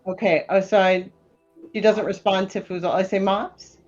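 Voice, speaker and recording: A woman's voice: medium pitch, steady tone, moderate pace, a little mellow, soft background music. Chatty woman narrating her character, lo-fi. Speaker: player. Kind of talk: describing her character's actions.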